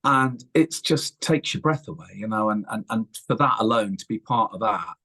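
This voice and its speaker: A husky, fairly low-pitched English man in middle age talks about his life in pantomime. He tells his memories as animated anecdotes and slips into other people's voices to act them out. The tone stays casual and conversational throughout. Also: moderate pace. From England. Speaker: puppeteer and panto performer. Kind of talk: casual interview storytelling.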